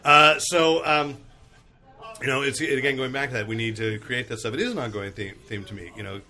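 A man's voice: medium pitch, fairly quick, sharp tone. A man hosting a casual group podcast, chatty, often laughing and trailing off with fillers. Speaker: podcast host and comic editor.

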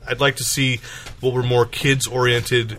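A man's voice: medium pitch, flat delivery, unhurried, a bit bright. A man hosting a casual group podcast chat, joking and laughing often as he steers the topics. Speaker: podcast host.

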